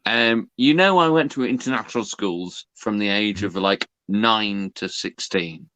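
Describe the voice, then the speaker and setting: A man from Northern England, a guest on a casual comedy podcast, talking in a deadpan, defensive way. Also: on the low side, measured pace, muffled recording, a little hiss or hum.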